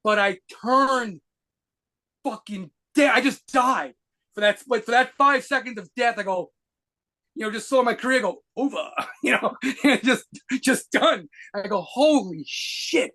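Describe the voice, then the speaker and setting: A man telling rapid, profanity-laced stories as a guitarist being interviewed. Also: extremely high pitch, bright, forceful tone. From United States. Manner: rapid profane anecdotes with laughs. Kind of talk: fast storytelling interview.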